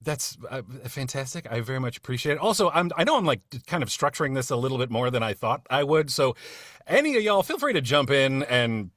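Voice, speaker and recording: A man's voice: medium pitch, sing-song, brisk, fairly bright tone, no room sound, studio quality. A man leading a casual podcast chat among voice actors, friendly and rambling with many fillers and restarts. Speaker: cast member leading a retrospective discussion.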